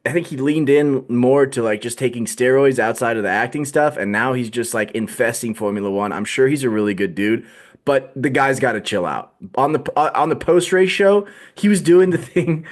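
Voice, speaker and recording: A man's voice: medium pitch, moderate pace. A man co-hosting a podcast, chatting casually and joking with frequent laughs. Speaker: podcast co-host. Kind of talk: casual chat.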